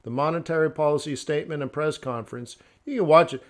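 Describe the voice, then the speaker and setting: A man's voice: fairly high pitch, fast talker. A man hosting a trading livestream, rambling through joking anecdotes in a casual way. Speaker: forex livestream host.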